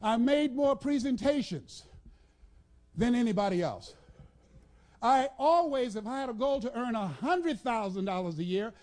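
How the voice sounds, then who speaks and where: A man giving a motivational speech to a live audience, in a preacher-like cadence that builds with repetition and breaks into shouts, telling the crowd to repeat after him. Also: very high-pitched. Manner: commands the audience to repeat and write things down. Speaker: motivational speaker.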